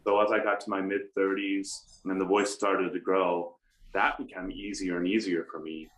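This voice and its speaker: A middle-aged man with an American accent speaks in a fairly low voice. He tells animated stories with self-mocking humor as a guest in an interview. The sound is roomy, with clear echo around him. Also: normal speed. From United States. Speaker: opera baritone guest. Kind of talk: conversational interview.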